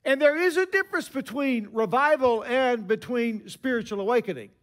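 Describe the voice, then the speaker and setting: A man in his sixties preaching a sermon, telling stories with emphatic pauses. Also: very high voice.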